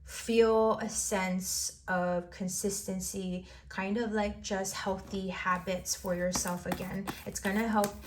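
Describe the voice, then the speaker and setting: A woman's voice: medium pitch, flat delivery, slow, hardly any pauses, a little hiss or hum. Encouraging woman doing a tarot reading. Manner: encouraging, rambling, repeats phrases. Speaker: tarot reader.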